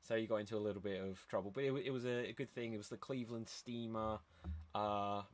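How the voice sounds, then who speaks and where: A man's voice: on the low side, steady tone, quick pace. A man hosting a casual podcast, steering the talk with questions and hesitant fillers. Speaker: podcast host.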